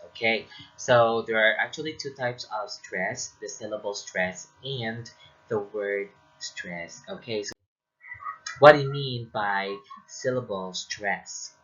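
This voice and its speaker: Slow, bright-voiced male teacher. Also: on the low side, slightly rough, dull audio. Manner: slow and deliberate, checking in with "okay?". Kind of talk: recorded lecture.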